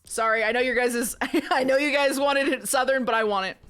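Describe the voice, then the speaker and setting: A woman's voice: high-pitched, a little fast, a bit bright, clear, resonant tone. Giggly woman streamer reading aloud. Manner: giggly, chatty, self-mocking. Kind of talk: live-stream reading and chat. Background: faint music.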